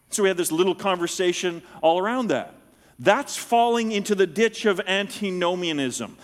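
A middle-aged man preaching a sermon, teaching in an animated way and checking that listeners follow him. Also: high voice, a little fast, big-room sound. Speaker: pastor.

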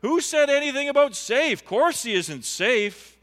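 A man's voice: very high-pitched, big pitch swings, a little slow, a bit bright, long reverb tail, pitched above the performer's own voice, full character voice. A man voicing a stern male talking beaver as he reads from a storybook, firm and emphatic.

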